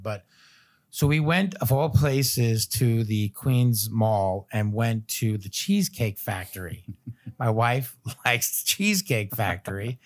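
Thirties guy, mid-pitched, podcast guest spinning a loose anecdote with lots of "like" and quick laughs. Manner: animated storyteller, chuckling between phrases; loose filler-heavy phrasing. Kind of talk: casual storytelling chat.

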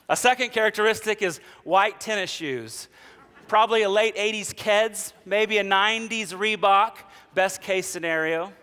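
A man preaches in a high, smooth, resonant voice. He tells humorous stories and acts out the people he describes. The sound carries a long reverb from a church sanctuary. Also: bright, forceful tone. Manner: humorous storytelling, acts out quoted characters. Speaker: pastor. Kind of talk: sermon.

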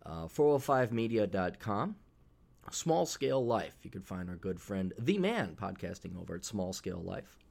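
A man's voice: low voice, moderate pace, gravelly, a little mellow. A man hosting a casual solo podcast, talking in a blunt, profane, sarcastic way, rambling with fillers. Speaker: podcast host.

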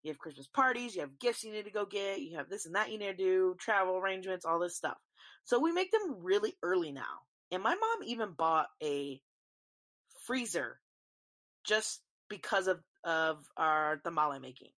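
A woman's voice: lowish voice, very animated, moderate pace, a bit bright. A young woman, chatting casually on her podcast, rambling and swearing freely. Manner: rambling, swears freely, talks to listeners as y'all. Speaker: podcast host. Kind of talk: casual solo chat.

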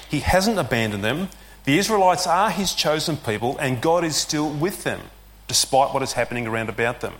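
A man preaching a sermon in an easygoing, conversational way, explaining as he goes with the odd filler. His voice sits a little on the higher side for a man. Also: fairly bright tone. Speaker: pastor.

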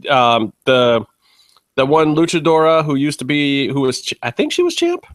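A man's voice: fairly high pitch, big pitch swings, normal speed, no echo. A man co-hosting a podcast in casual chat, rambling and laughing easily. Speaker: podcast co-host.

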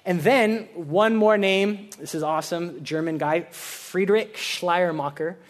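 A man with a fairly high voice delivers a sermon in a relaxed, conversational way. He explains ideas plainly to a young audience, stumbling and restarting as he thinks aloud, with filler words throughout. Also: slow pace. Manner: chatty, loose, with many "like" fillers and restarts. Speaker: preacher. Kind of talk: casual sermon.

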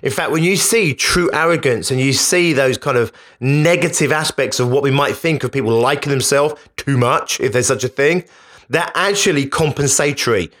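A man's voice: medium pitch, normal speed, a bit bright. A man hosting a podcast, speaking in an emphatic, conversational motivational monologue that often repeats itself. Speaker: podcast host.

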